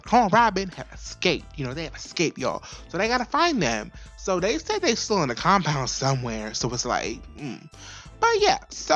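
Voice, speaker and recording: A woman's voice: low-pitched, fairly bright tone. A young woman casually reviewing an episode, chatty and profane, with many fillers and repeats. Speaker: video reviewer. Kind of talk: casual recap and commentary.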